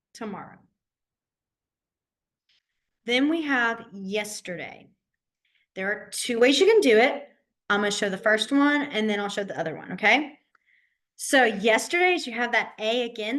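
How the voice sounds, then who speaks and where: A woman's voice: on the high side, a bit bright. A woman teaching a sign language class over a video call, patiently walking through signs and often checking in with "okay?". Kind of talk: online class instruction.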